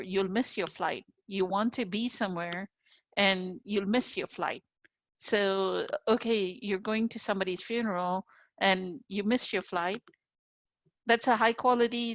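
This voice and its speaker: Slow, earnest woman, dry dull audio. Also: medium pitch, a bit bright, no room sound. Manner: unhurried, earnest, with many fillers and "right?" tags. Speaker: co-host. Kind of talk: reflective spiritual conversation.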